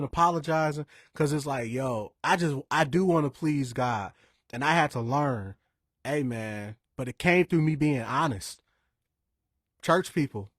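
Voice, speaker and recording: Animated young man, husky voice. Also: a little high, dry recording, clean studio sound. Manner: lively, animated storytelling with quoted voices and restarts. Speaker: speaker sharing church stories. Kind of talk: informal preaching-style talk.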